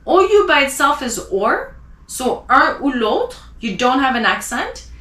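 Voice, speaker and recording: A woman teaching a language lesson, spelling out letters and slowly repeating example words. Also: sits high, big pitch swings, pushed and bright, reverberant. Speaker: French teacher.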